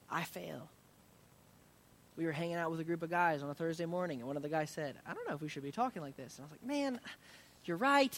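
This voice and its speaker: A man preaching a sermon as pastor, earnest, rising in intensity and then dropping soft to pray. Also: a little high.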